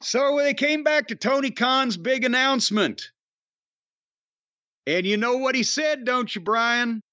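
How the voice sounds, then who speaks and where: On his casual wrestling podcast, an older host rants, swearing and firing off sarcastic rhetorical questions. He speaks unhurriedly in a very high, sharp voice, and the recording is dry, slightly dull, and free of echo.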